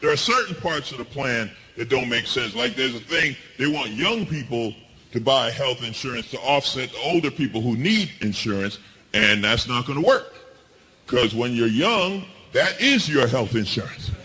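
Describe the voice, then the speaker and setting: A middle-aged man doing a stand-up comedy set, telling stories with animated swings in pitch for punchlines. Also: normal speed, a little hiss or hum. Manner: animated storytelling, jumps high for punchlines. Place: comedy stage before a laughing audience. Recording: live show with audience laughter.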